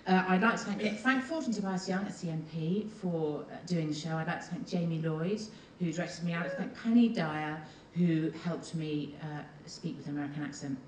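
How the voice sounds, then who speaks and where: A woman giving a rambling, giggly, excited award acceptance speech on a theatre stage. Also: deep voice, a little fast, few pauses, slight background noise. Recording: echoey theatre, far from mic, loud audience. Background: audience laughter.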